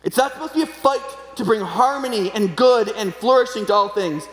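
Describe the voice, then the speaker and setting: High gravelly voiced guy in his 40s preaching, chatty, lots of "right?", big echoey hall. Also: expressive, a little fast. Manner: conversational, keeps asking "right?"; acts out quoted voices with sudden pitch jumps. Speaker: pastor. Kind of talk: sermon. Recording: echoey hall with long reverb.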